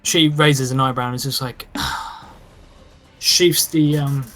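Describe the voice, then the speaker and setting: A man's voice: mid-range voice, steady tone, slow pace, bright, forceful tone, soft background music. A man narrating a tabletop game as game master in a loose, casual way, with lots of "uh" and "like". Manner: casual, hesitant narration full of "uh" and "like".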